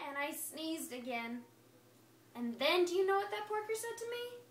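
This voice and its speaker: This is a first-person fairy tale read aloud by a woman with a very high, very animated voice at normal speed. She plays a friendly male wolf who chattily and playfully protests his innocence and justifies himself. Recorded in an echoey room far from the mic, with faint hiss.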